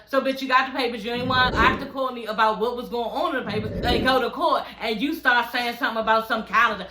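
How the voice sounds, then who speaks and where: A woman vlogger talks straight at her viewers in a bright, fairly high voice, blunt and full of profanity. She acts out other people's lines as she goes. Her living room gives the sound a roomy echo. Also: brisk, hardly any pauses, slight background noise. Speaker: vlog host recapping a reality show. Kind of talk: casual chat.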